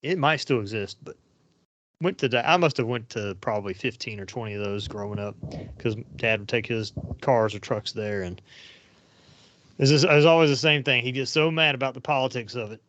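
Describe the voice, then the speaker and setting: A man's voice: mid-range voice, fairly quick, fairly bright tone, no room sound. A man, hosting a podcast and telling rambling, anecdotal stories in casual chat. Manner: rambling and anecdotal, with frequent fillers. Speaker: podcast host. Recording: dull lo-fi sound, dry.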